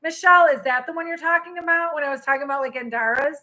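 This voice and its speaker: A tarot reader and healer hosts a live reading, talking animatedly as she responds to viewer comments. Her voice is high-pitched and very fast.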